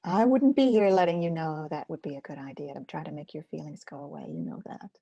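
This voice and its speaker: An older woman hosting a self-care webinar, speaking softly and slowly in a soothing way and sometimes dropping to a whisper. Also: low voice, animated, husky. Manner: soft, slow and soothing, drops to a whisper. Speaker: webinar host and Focusing teacher.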